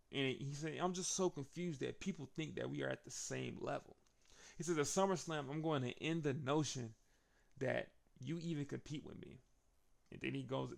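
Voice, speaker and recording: Animated gravelly man recapping wrestling. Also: medium pitch. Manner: animated, laughs often, quotes wrestlers in excited voices. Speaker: wrestling show reviewer. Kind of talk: casual recap commentary.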